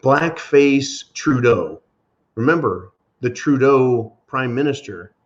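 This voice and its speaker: A podcast host delivers a solo rant, sarcastic and profane throughout. His voice is at a middling pitch, and the recording has a dull, lo-fi quality.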